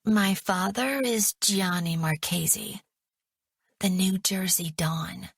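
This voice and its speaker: A woman's voice: mid-range voice, takes it slowly, breathy edge, no echo, studio quality. A woman voicing a tense young woman who whispers urgent warnings to the others. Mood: urgent hush.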